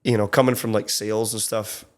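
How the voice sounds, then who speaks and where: In a studio interview, a young country songwriter from Scotland talks as a podcast guest in his Scottish accent. The voice sits on the low side with a flat delivery, a touch fast, rambling casually and full of fillers.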